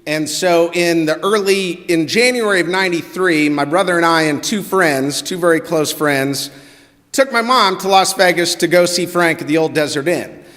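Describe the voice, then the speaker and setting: Storyteller: middle-aged man, bright high voice, lively delivery, church hall reverb. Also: moderate pace. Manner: animated, quotes people in their own voices. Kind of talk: personal story told to a congregation. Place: church sanctuary.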